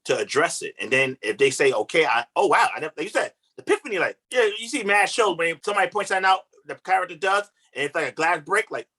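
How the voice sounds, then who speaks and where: An earnest man talks about relationships as a podcast guest. His voice is bright and very lively, rising and falling a lot. He makes his points with emphasis in relaxed, informal speech. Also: sits high, fast talker, few pauses. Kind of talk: casual conversation.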